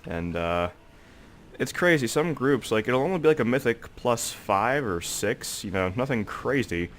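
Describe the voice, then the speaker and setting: A man's voice: medium pitch, animated, unhurried, slight background noise. A young man with a congested, stuffy voice, rambling in casual gameplay commentary with lots of "like" and "um" fillers. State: congested, sore throat. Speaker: gaming video creator.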